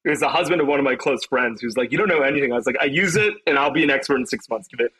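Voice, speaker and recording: A man's voice: mid-range voice, pushed and bright, husky, rough recording. A man who founded a company, a guest on a podcast, talking in rambling, casual chat full of fillers. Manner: rapid, rambling, filler-heavy. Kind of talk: casual conversation.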